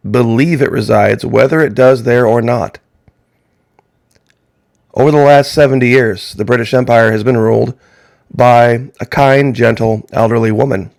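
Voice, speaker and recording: A man's voice: medium pitch, creaky, a little mellow, dry recording, clean studio sound. A man giving a political opinion monologue as a commentator, talking emphatically and asking the audience rhetorical questions.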